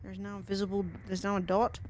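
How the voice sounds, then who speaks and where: A woman streaming a video game live, talking excitedly to herself and her chat, often swearing. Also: mid-range voice, fast, a little hiss or hum. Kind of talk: live gaming commentary.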